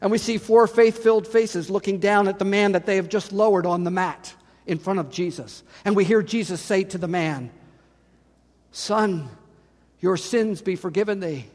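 A man preaching a sermon, dramatic, rising to loud emphatic lines when he quotes scripture. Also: high-pitched, normal speed. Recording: long hall reverb.

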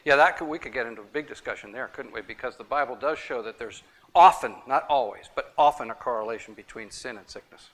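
A man's voice: mid-range voice, fast, fairly bright tone. A man teaching a Bible study class, emphatic and repeating his key points, taking questions from the room.

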